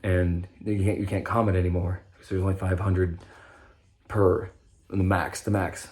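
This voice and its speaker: Deep-voiced man rambling casually. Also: flat delivery, moderate pace, a little mellow. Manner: rambling, self-interrupting, swears casually. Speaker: vlogger sharing his recovery story.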